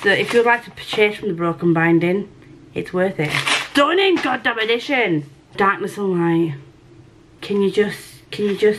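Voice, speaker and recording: Excitable woman gushing over books. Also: mid-range voice, a little slow, background noise. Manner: gushing and excitable, swears casually. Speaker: book vlogger. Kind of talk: casual unboxing and reading vlog.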